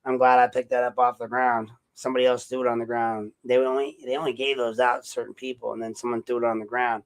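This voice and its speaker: A man's voice: medium pitch, flat delivery, fast, clear, resonant tone, poor audio. Rambling, sarcastic podcast host man. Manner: rambling, profane, sarcastic, with self-corrections. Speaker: podcast host, investigative journalist. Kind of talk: casual solo podcast monologue.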